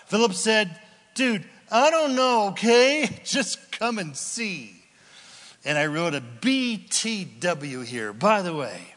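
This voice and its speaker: Animated male preacher, high register, casual storytelling, recorded in a reverberant hall. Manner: animated, acts out Bible scenes with casual voices. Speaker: pastor. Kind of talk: sermon.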